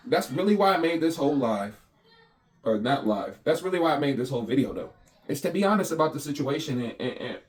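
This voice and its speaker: A young American man in a casual, heated, profane monologue, speaking in quick bursts. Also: fairly high pitch. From United States. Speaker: vlogger.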